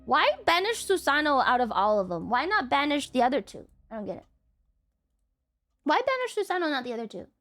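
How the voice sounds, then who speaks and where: A high-pitched woman streamer with a bouncy, swooping voice. She chats casually, swears freely and laughs a lot while teasing her viewers. Faint music plays behind her. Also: a little fast. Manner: excitable, swears, laughs often, yells at chat. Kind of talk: casual chat with chat.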